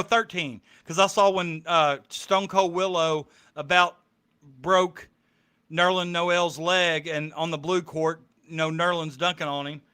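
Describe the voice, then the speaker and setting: A man's voice: on the high side, pushed and bright, clear, resonant tone. A man chatting casually on a streamed podcast, rambling with many ums. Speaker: podcast co-host. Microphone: streaming mic.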